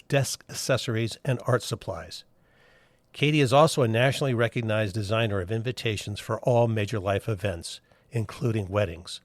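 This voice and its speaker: A man hosting a podcast, reading his lines in a measured way with a dry, wry humor. His voice sits at an ordinary middle pitch. It is recorded close up in a dead, dry space. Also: dry recording. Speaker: podcast host. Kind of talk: scripted intro and interview.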